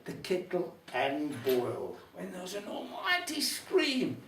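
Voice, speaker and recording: Older Black Country male storyteller, wry and chatty; high, animated voice in a roomy hall, distant mic. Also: measured pace, slight background noise. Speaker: folk club storyteller. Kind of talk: humorous storytelling to a live audience. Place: folk club room.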